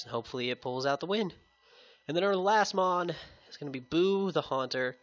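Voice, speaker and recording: A man's voice: on the high side, animated, brisk, highs cut off. A man with a sick-sounding voice giving casual, upbeat gameplay commentary to his viewers. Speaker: competitive game YouTuber. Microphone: headset.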